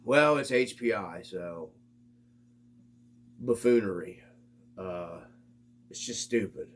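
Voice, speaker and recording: A man vents in a casual vlog rant. His pitch swings up and down as he grows exasperated. He talks loosely and swears often. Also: lively intonation, slow pace. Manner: exasperated, ranting, swears freely. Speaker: RC hobby channel host.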